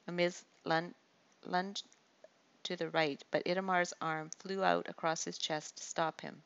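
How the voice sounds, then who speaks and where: A woman narrating a story aloud at a steady pace, with small slips. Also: fairly low pitch, a little slow, gravelly, dull audio. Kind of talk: audiobook narration.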